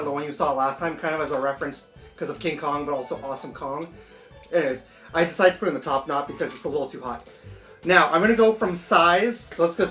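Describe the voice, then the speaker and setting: A man chatting excitedly and swearing casually through a home unboxing vlog. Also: fairly high pitch. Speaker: toy collector vlogger. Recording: roomy echo, faint background music.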